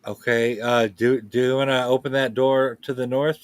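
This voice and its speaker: A man playing a tabletop game, talking hesitantly with lots of pauses. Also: mid-range voice, level tone, no echo. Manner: hesitant, full of ums. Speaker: player. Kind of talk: casual tabletop play.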